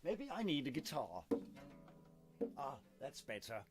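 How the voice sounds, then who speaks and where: A man, hoarse from coughing, casually rambling through a voice demonstration and making puns as he goes. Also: medium pitch, huge pitch swings, measured pace, over music. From Denmark. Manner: digressive, punning, playful. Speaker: video host demonstrating a voice technique.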